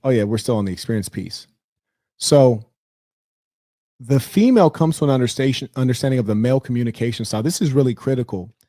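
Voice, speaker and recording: A man's voice: mid-range voice, warm tone, no echo, studio quality. A man hosting a casual livestream, talking loosely with slang and mocking asides. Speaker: livestream host.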